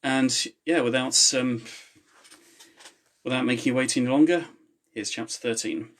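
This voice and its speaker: A man's voice: medium pitch, normal speed, a bit bright. A man who is the author, reading his novel aloud in a live stream from home and chatting casually with viewers in between. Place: home, with a laptop.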